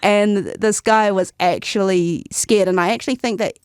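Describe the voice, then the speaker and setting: A woman's voice: mid-range voice, fairly even intonation, moderate pace, smooth, dry recording. Chatty young New woman, dry sound. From New Zealand. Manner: chatty storyteller, laughs often mid-sentence. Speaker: guest. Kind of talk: casual interview chat.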